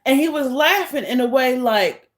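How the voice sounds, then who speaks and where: A woman's voice: high-pitched, expressive, normal speed. A woman vlogger speaking in a heated, blunt, sarcastic monologue. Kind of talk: casual monologue to camera.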